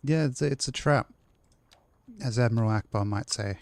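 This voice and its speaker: A man's voice: mid-range voice, moderate pace, a little mellow, dry recording. A man live-streaming a city-building game, chatting casually and rambling to his chat while he plays.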